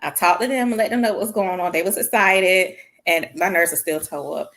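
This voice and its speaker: A woman telling a story in casual chat, animated and laughing often, acting out her own words in a higher voice. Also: fairly quick. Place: small church show studio.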